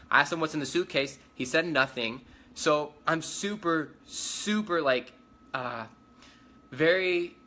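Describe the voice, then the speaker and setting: Retelling what he saw with urgency, a young man on a casual phone livestream rambles and repeats himself; his mid-range voice sounds pushed and bright.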